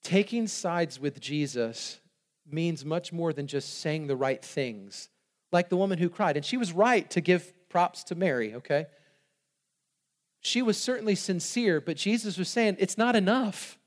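A man preaching a sermon, reading scripture with lively asides, laughs and rhetorical questions. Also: on the high side, unhurried. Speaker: pastor.

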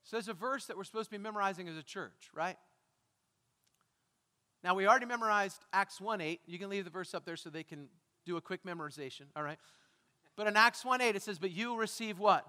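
A man preaches into a microphone in a church sanctuary, his voice pitched very high and bright. He quizzes the congregation and erupts into dramatic shouts. Long reverb from the hall trails his words. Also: a little fast. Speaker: pastor. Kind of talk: sermon. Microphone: handheld or stage microphone.

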